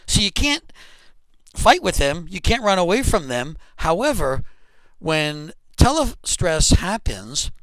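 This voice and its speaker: Lively, clear-voiced male trainer. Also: on the high side, no room sound, low-quality recording. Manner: lively, explanatory, emphatic delivery. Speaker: customer service trainer. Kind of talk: instructional lecture.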